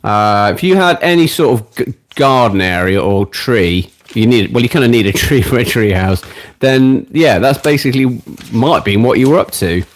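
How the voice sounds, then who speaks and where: A man's voice: medium pitch, lively intonation, moderate pace. A British man in his late forties, hosting a ukulele live stream in a chatty, self-deprecating, joking way. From Britain. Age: late 40s. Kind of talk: casual live-stream chat. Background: ukulele playing.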